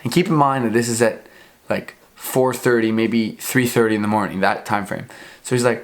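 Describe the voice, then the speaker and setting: A young man, vlogging a casual story, animated and swearing freely while he acts out both sides of a conversation. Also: mid-range voice, normal speed.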